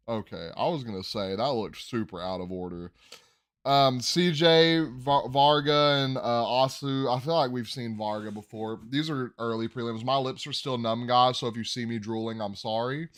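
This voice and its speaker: A man with a smooth, resonant voice hosts a laid-back sports podcast. He rambles cheerfully and stumbles over tricky names, restarting them mid-word. His pitch sits in an ordinary middle range. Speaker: podcast host. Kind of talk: casual sports chat.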